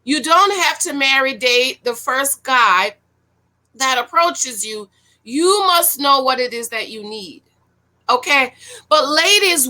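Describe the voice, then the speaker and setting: A woman talks in a high, bright voice, recapping a show in a loose, chatty way. She speaks frankly and with energy, and often turns to give pointed advice to women. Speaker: reality-show reviewer. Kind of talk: casual video commentary.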